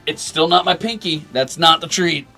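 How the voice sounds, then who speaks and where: A man's voice: fairly high pitch, moderate pace, creaky, pushed and bright, soft background music. A young man streaming, talking to and scolding his cats in a playful, teasing way. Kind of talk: casual chat with pets on stream. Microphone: desk mic.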